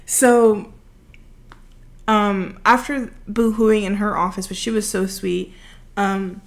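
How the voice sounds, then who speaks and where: A woman's voice: mid-range voice, slow, pauses often. A young woman in her twenties chatting through a long, rambling, self-deprecating story while building, close to the microphone. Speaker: vlogger. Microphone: close desk microphone.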